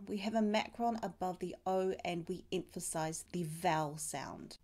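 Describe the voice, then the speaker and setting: Slow, careful New Zealand woman teaching. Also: medium pitch, mellow. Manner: slow, careful, clear pronunciation. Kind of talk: language lesson.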